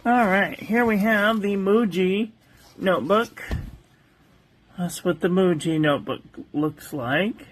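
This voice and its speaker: Slow, soft-spoken woman testing paper. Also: medium pitch, a little hiss or hum. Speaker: calligraphy channel host. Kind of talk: calm ink-on-paper test review.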